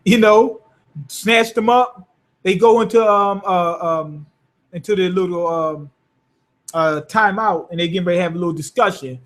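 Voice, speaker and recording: A man's voice: high voice, moderate pace. A man recapping an anime episode in a loose, rambling, profane way. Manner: profane, rambling, animated retelling. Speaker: anime reviewer.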